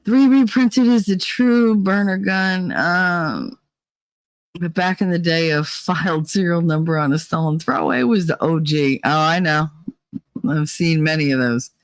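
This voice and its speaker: A woman's voice: fairly low pitch, measured pace, no room sound, rough recording. Blunt rambling woman streamer. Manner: blunt and rambling, swears and laughs a lot. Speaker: livestreamer. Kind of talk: casual livestream chat.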